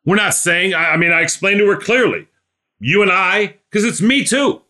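A man's voice: high voice, animated, normal speed, pushed and bright. A man preaching a sermon, telling a story and building to emphatic exhortation.

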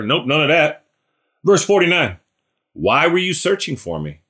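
A man preaching a relaxed, conversational sermon. He keeps checking in with the congregation and calls on listeners by name. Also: fairly high pitch, moderate pace. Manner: chatty, asks listeners questions by name; animated, acts out scripture characters. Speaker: pastor.

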